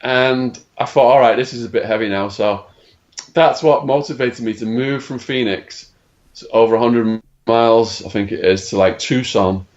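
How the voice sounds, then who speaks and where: A middle-aged Englishman, a podcast guest from England, tells a dramatic story in a mid-range voice at normal speed, animatedly acting out other people's lines. The audio sounds dull, and the exchange is a storytelling interview.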